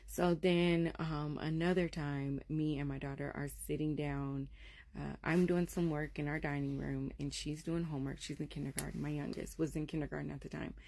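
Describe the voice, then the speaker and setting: Low-voiced woman telling a ghost story. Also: normal speed, gravelly. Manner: animated, acts out quoted voices, drops to a hush at scary moments.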